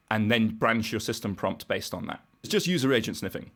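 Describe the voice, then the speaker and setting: Low-voiced British man explaining things wryly. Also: quick pace, hardly any pauses, fairly bright tone. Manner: explanatory, wry, thinks aloud. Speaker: podcast guest, browser engineer. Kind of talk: casual podcast conversation.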